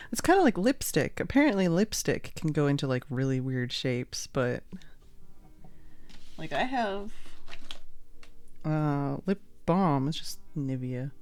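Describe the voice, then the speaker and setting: A woman's voice: deep voice, big pitch swings, slow pace, long pauses, a little mellow, faint music behind. Chatty rambling woman livestreamer. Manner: rambling, chatty, laughs often. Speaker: livestream host. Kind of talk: casual chat while making art on stream.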